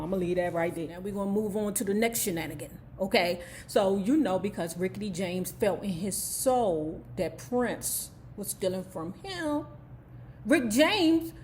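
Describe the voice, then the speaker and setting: Sassy woman gossiping through a book recap. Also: mid-range voice. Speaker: YouTube book recap host. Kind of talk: casual storytelling recap.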